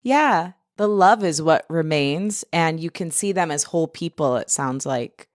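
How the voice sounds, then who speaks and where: A woman hosting a podcast interview, affirming her guest warmly and laughing readily. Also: deep voice, lively intonation, unhurried, no echo, studio quality. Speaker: podcast host. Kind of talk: interview conversation.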